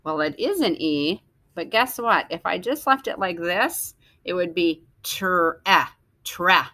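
A woman teacher slowly sounding out letters and words for young children in a phonics lesson. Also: fairly low pitch, sing-song, a bit bright, dry recording. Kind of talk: early-reading phonics lesson.

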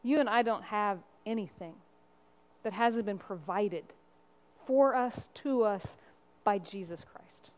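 A woman's voice: mid-range voice, slow. A woman pastor giving a sermon in an earnest, conversational preaching style. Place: church sanctuary. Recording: long reverb of a church hall.

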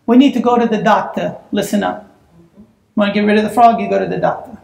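A woman preaching a sermon in a church, telling a personal story in an animated way that breaks into shouts and laughter. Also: medium pitch, fast, vocal fry, roomy sound. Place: church sanctuary.

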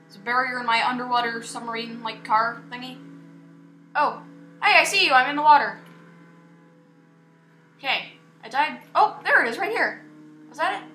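A young woman giving casual, excitable gameplay commentary as a YouTuber, chatty and self-mocking. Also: a little high, moderate pace, long pauses, faint music behind. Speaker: gaming YouTuber. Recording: echoey room with faint noise.

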